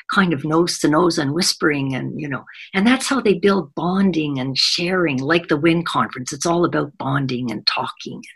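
A woman's voice: sits low, vocal fry, husky. A middle-aged woman giving a conference talk as a workplace trainer, telling stories with animation. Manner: animated storytelling, acts out quoted children. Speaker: corporate gender trainer.

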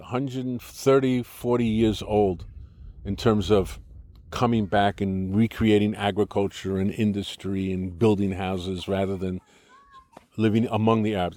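In a conversational interview, an older man from the United States with English as his first language lays out and defends his opinions, frequently starting sentences over. His voice is on the low side and darkish, with no echo.

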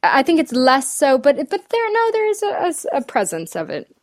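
A woman's voice: high voice, huge pitch swings, a little fast, no echo. A woman working as an accent and dialect coach, talking thoughtfully in a casual interview, with many ums and restarts. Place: lives in the UK.

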